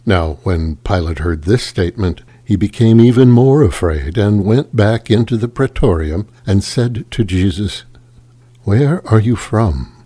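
A man reading scripture aloud in a slow, measured and solemn liturgical manner. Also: fairly low pitch, expressive, mellow, husky. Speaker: scripture reader.

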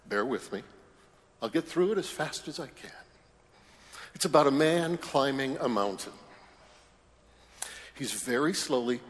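Priest giving a homily, unhurried and mid-pitched, dry humor, long reverb of a church hall. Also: male voice. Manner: conversational, wry humorous asides. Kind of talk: sermon.

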